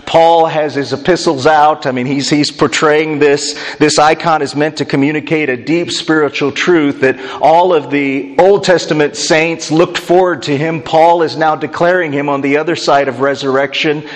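Man preaching in a reverberant hall. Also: a little high. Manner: conversational teaching with chatty asides. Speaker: pastor. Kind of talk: expository sermon.

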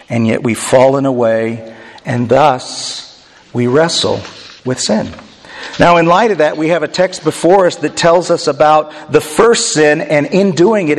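A middle-aged male pastor delivers a sermon from a church sanctuary, his voice carried by a long hall reverb. He speaks earnestly, pokes fun at himself, and slows down to stress key words. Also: medium pitch. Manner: earnest, self-deprecating, slows for emphasis.

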